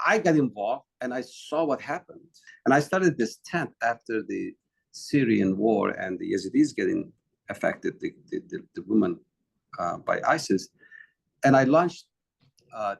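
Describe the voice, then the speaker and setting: A man's voice: medium pitch, vocal fry, husky. A man, a company founder speaking as an interview guest, answering earnestly with non-native English phrasing and repeated restarts.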